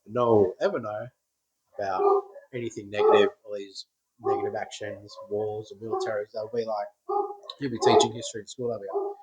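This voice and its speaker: A young man ranting to camera, swearing constantly, dropping to a mutter and then bursting out loud in exasperation. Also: fairly low pitch, rough recording. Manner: profane, exasperated, repetitive ranting; swings between muttering and loud outbursts. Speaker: vlogger. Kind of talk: ranting monologue.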